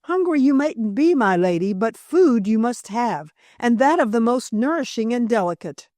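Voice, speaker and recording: A woman's voice: fairly high pitch, lively intonation, normal speed, a little mellow, no room sound, clean studio sound, lightly acted. A woman voicing a rosy-faced, bossy little old housekeeper with rustic country speech. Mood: fussing, bossy.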